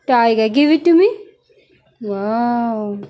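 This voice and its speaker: A young mother patiently teaches her toddler the names of animals, praising the child and prompting with questions. Her voice sits on the high side, animated and dark in tone. She speaks slowly and coaxingly.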